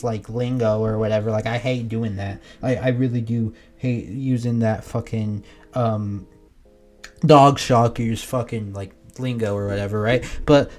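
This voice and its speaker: Profane young man ranting on camera. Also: medium pitch. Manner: profane, exasperated, swings from mumbling to yelling. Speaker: online commentary creator. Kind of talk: ranting reaction commentary.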